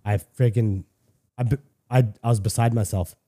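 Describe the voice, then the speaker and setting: A man's voice: medium pitch, steady tone, moderate pace, warm tone. A middle-aged man from Canada telling a personal story on a podcast in a candid, casual way, swearing freely and restarting sentences often. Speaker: podcast guest.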